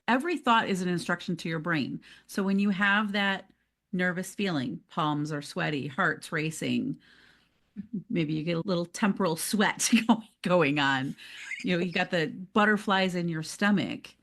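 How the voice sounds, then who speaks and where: A woman co-hosting a motivational podcast in casual chat, animated and laughing often, acting out quoted self-talk. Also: on the low side, moderate pace. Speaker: podcast co-host.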